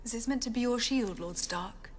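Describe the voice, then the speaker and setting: A woman's voice: fairly high pitch, normal speed, slight background noise, close to an everyday voice. Cersei: an actress as a cold, scheming queen. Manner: icy, controlled.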